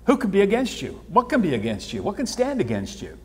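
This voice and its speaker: A man preaching a sermon as pastor, animated, repeating words and swinging between hushed and loud. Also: high-pitched, fast talker. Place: church sanctuary. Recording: church hall with long reverb.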